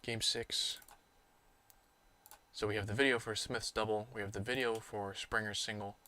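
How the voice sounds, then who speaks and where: A man's voice: lowish voice, normal speed. A man hosting a livestream, reacting live to a baseball game and muttering to himself as he sorts video clips. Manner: excitable reactions, self-scolding mutters while sorting clips. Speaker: livestream host.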